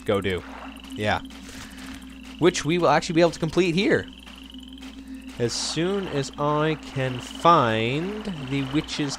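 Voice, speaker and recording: A man hosting a let's play, giving jokey, rambling gameplay commentary. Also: mid-range voice. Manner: jokey, rambling, self-mocking.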